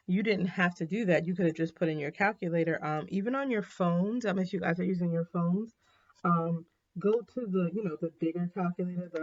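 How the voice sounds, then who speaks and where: A woman's voice: lowish voice, a little mellow, a little hiss or hum. Casual woman teaching math, lo-fi audio. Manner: casual, many ums, apologizes for slips. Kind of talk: recorded classroom lesson. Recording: dull, slightly lo-fi.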